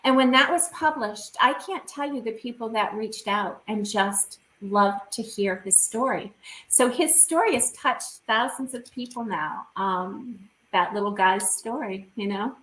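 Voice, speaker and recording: Guest spot: woman, bright tone, fairly high voice, chatty and emotional, roomy echo. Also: unhurried, slight background noise. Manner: emotional, laughing, many fillers and restarts. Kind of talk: casual storytelling in a podcast interview.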